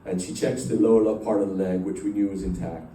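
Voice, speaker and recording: Middle aged guy telling a story to a crowd, kinda low and soft, rambly with lots of ums, sounds far off in a big echoey room. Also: steady tone, quick pace, a little hiss or hum. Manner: rambling, self-deprecating, many fillers and restarts. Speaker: speaker addressing a company group. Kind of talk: emotional personal storytelling to an audience. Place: large room with a live group. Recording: echoey room, voice picked up from a distance.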